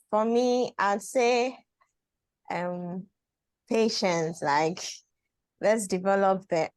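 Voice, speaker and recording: A woman shares advice over a video call in a thoughtful, unhurried way, restarting sentences and circling back to her point. Her voice comes through close and dry, with no room sound. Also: mid-range voice, dry recording. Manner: thoughtful, repeats herself, slow build-up with fillers. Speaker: webinar contributor. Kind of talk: casual advice sharing.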